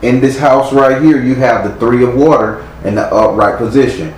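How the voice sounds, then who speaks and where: A man's voice: medium pitch, steady tone, moderate pace. A man giving a live tarot reading, speaking bluntly and sternly with frequent profanity. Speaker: tarot reader. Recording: echoey room with faint noise.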